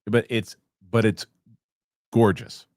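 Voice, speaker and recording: Guy rambling about movies, deep voice, dry mic. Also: level tone, slow, darkish tone, no room sound. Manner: rambling with many restarts. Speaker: host. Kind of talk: casual chat.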